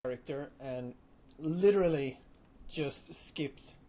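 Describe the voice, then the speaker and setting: An Irish man giving gameplay commentary in an older recorded video, earnest and trying to sound animated. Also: fairly high pitch, slow pace, low-quality recording. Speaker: gamer narrating his gameplay.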